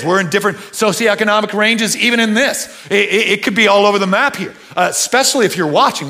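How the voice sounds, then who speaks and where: A middle-aged man, preaching a conversational sermon that swings from quiet and earnest to loud, animated bursts. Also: high-pitched. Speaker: pastor.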